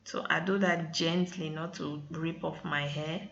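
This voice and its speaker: Slow, gravelly woman vlogging about hair. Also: sits low, fairly even intonation, a bit bright, dull audio, slight background noise. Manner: chatty, keeps saying "guys". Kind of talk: casual vlog voice-over.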